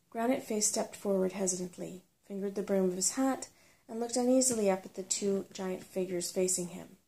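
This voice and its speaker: A woman with a mellow, darker voice reads a storybook aloud in soft-spoken ASMR style. Her tone is calm and gentle, with a gravelly edge, and it has the unhurried pace of a relaxing read. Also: mid-range voice, rough recording. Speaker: ASMR reader.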